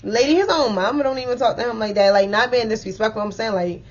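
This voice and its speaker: A young woman casually telling a story to her viewers, animated and full of "like" and "y'all". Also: a little high, quick pace, muffled recording. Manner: chatty, animated, addresses viewers as y'all with many likes.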